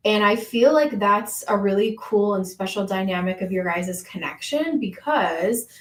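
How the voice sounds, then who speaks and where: A woman's voice: mid-range voice, lively intonation, a little slow, roomy sound, low-quality recording. A woman giving a casual live-streamed tarot reading, reassuring and hesitant with frequent fillers. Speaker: tarot reader.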